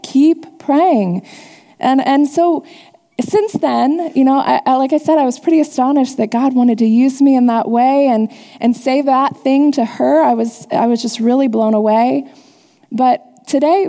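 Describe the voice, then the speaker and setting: Woman preacher, earnest testimony-style sermon, slightly high and warm with a gravelly edge, captured in a reverberant church hall. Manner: earnest, confessional storytelling to a congregation. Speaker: church teacher.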